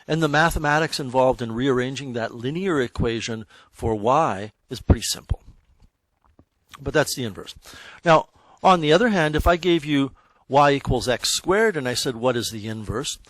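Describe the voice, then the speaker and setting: A man teaching a math class, explaining in a relaxed, conversational way that stops to check in with the students. His voice sits at an ordinary middle pitch for a man. The sound is dry and close, with little room echo. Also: moderate pace. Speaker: high school math teacher. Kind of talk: classroom lecture.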